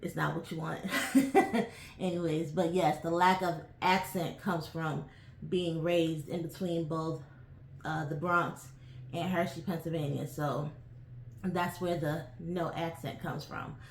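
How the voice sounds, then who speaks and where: Woman in her 40s from new york just yapping to her camera, lots of ums, kinda low voice, room sounds echoey. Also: fairly even intonation, takes it slowly. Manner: chatty, rambling, with frequent "um"s and asides. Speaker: YouTube channel host. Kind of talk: casual chat to camera.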